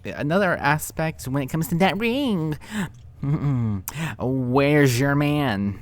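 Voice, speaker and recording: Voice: mid-range voice, expressive, slow. A reaction commentator talking casually to viewers, sarcastic and teasing.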